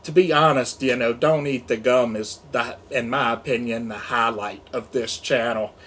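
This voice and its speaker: A man's voice: mid-range voice, fairly even intonation, moderate pace, a bit bright, slight background noise. A man in his forties hosting an unboxing vlog, talking in a loose, jokey way full of fillers and asides. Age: 40s. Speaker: unboxing channel host. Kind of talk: casual rambling vlog talk.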